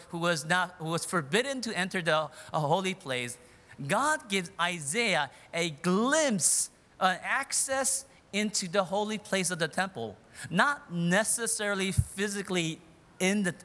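A man's voice: high-pitched, sharp tone. A man preaching a sermon in a conversational way, often repeating words and restarting. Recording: long reverb of a hall.

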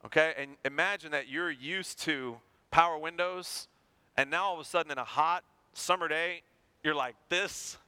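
A man preaching a sermon, animated and acting out everyday people to make his points. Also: a little high, moderate pace, smooth. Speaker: pastor.

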